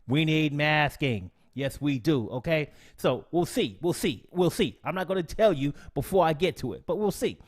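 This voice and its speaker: A man hosting a live stream tutorial, greeting his chat with lively slang before the software rundown. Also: fairly high pitch, moderate pace, hardly any pauses, husky. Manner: animated, slangy shout-outs to chat. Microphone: desk mic, no camera.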